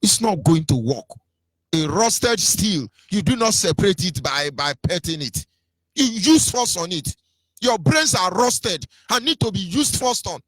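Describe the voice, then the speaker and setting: A man's voice: high voice, expressive, measured pace, fairly bright tone, no echo. A Nigerian man with a Nigerian accent giving an impassioned political radio talk, mocking and sing-song, his voice swinging between rises and drops. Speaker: radio commentator.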